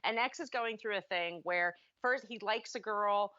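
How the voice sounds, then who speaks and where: A woman's voice: medium pitch, normal speed, pushed and bright, no echo, lo-fi sound. A woman co-hosting a podcast, chatting casually about a movie in a rambling way, often correcting herself mid-sentence. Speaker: podcast co-host.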